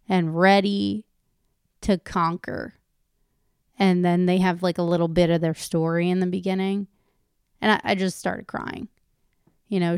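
A woman speaks slowly and candidly to her viewers, drifting from one tangent to the next with casual swearing. Her voice has a gravelly fry under a smooth, resonant tone. The sound is dry and close, with no room around it. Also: medium pitch, no room sound. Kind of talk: casual personal monologue.

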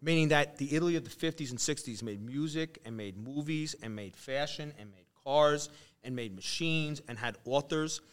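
A man's voice: on the high side, normal speed. A man hosting a casual conversation, telling stories animatedly and acting out the people he quotes. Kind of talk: casual chat.

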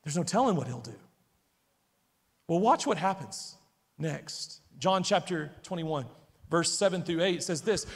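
A man delivers a sermon with dramatic storytelling, often turning to ask his listeners questions. His voice sits high. The hall around him adds a long echo. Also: expressive, measured pace, long pauses. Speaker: preacher.

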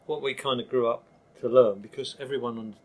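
A man's voice: medium pitch, steady tone, a little fast, a little mellow. An older man with a Cockney accent, talking bluntly and emphatically as an interview guest, often restarting his sentences. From East London, England. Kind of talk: candid interview talk.

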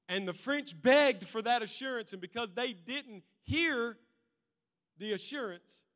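Brief: male pastor, high bright voice, animated storytelling sermon, long hall reverb. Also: unhurried. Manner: animated storytelling, swings between loud and quiet.

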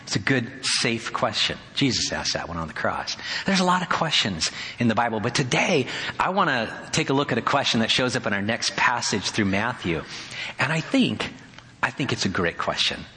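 A man preaching a sermon as pastor, conversational and animated with wry humor. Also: medium pitch, moderate pace. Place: church sanctuary. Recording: hall reverb.

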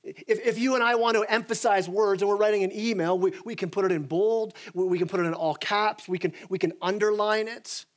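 A man with a rather high voice delivers a church sermon with lively energy. He often repeats a word as he starts a sentence, then pushes on. He speaks like a pastor working to keep a congregation with him. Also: a little fast, few pauses. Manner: animated, repeats words when starting sentences, acts out voices. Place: church sanctuary.

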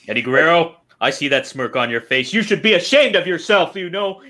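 A man's voice: on the high side, expressive, brisk, a loud crowd, voice pushed up, natural voice. A man voicing a male wrestling interviewer who asks pointed, accusing questions. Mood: scolding.

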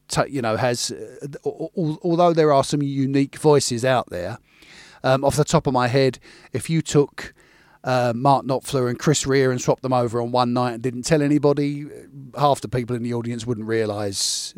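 A man's voice: mid-range voice, a little mellow, dry recording, studio quality. A middle-aged man, talking casually as a host giving advice, rambling and often breaking off mid-sentence. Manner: rambling, self-interrupting, chatty.

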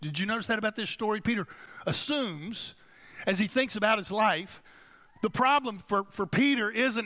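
A man delivers a sermon as the pastor, his voice sitting high and sounding clear and bright. He talks to the congregation in a relaxed, conversational way. He slows down and stresses the phrases he wants to land. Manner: conversational, emphatic preaching with slowed, stressed phrases.

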